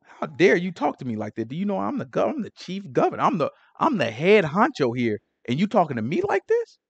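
A man's voice: high-pitched, expressive, brisk, fairly bright tone, muffled recording. A man voicing an indignant, mocking male governor who is outraged at being challenged.

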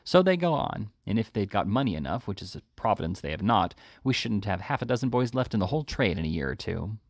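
A surly housebreaker with a low, gravelly voice, read by a man in his own tone. He is blunt and gruff, and his temper runs short. The sound is dry and close. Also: lively intonation, fast, no echo.

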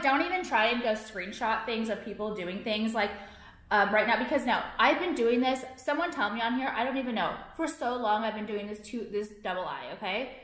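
Young woman, ranting vlogger, swears a lot, exasperated, slightly high voice, echoey room. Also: a bit bright. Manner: profane, exasperated, filler-heavy ranting. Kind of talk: casual ranting to camera.

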